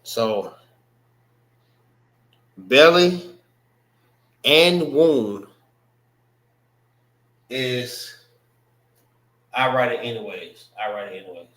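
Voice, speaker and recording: A man leads a language class at an unhurried pace, going over each word again and again. His voice has a mid pitch and echoes around the room he teaches in. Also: fairly bright tone. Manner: slow, repeats words while spelling them out. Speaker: religious class instructor.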